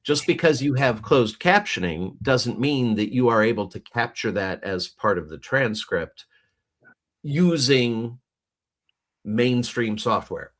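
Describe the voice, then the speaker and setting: A man's voice: mid-range voice, expressive, slow. Rambling man chatting on a video call. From United States. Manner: rambling, many restarts and fillers. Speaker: podcast co-host. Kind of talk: casual chat.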